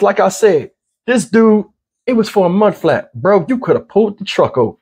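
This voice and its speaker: Husky high-voiced man commenting bluntly. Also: sing-song, moderate pace, a little mellow. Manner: conversational, blunt, repeats points. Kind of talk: casual commentary.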